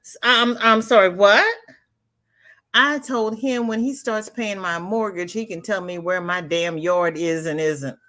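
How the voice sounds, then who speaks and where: A woman's voice: lowish voice, a little slow, few pauses, fairly bright tone. An older woman hosting a live crochet stream, chatting casually with viewers in a sassy, emphatic way, often repeating herself. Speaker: livestream host.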